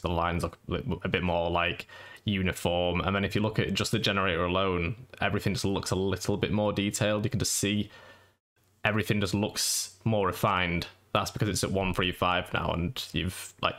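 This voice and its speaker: A man giving a casual, monotone how-to voice-over for a game guide. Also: sits low. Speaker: gaming YouTuber. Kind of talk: screen-recorded how-to voice-over.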